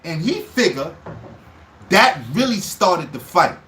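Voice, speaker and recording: Animated man breaking down battle raps. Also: high-pitched, takes it slowly, a little hiss or hum. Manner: animated, quotes lines in a raised voice, loose slang. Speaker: battle rap commentator. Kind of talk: live stream breakdown, casual.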